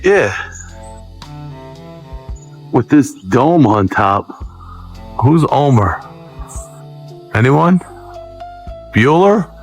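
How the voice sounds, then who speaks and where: A man hosting, giving casual reaction commentary with wry, drawn-out quips. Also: mid-range voice. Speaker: host.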